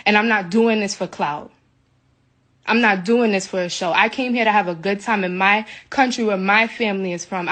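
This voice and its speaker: Medium in pitch and a bit bright, this woman's voice belongs to a US livestreamer. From a hotel room she rants into her phone on live video, emotional, agitated, indignant and prone to saying things twice.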